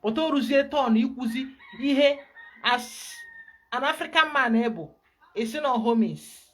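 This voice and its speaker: A woman with a Nigerian accent, a spiritual guide giving an emphatic, animated teaching talk. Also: sits high, measured pace.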